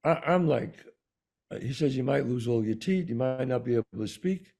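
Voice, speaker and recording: A man with a New York accent, co-hosting a talk show and telling a personal story in an animated way, acting out the voices of the people in it. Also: mid-range voice, moderate pace, vocal fry. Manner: animated storyteller, acts out quoted dialogue. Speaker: podcast co-host. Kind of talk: storytelling in casual conversation.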